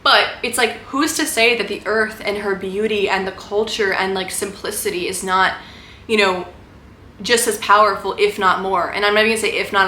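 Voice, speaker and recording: A woman's voice: mid-range voice, pushed and bright. Fervent rambling young woman vlogger. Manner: rambling, fervent, lots of "like" and "right?". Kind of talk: impassioned spiritual monologue to camera. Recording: echoey room with faint background noise.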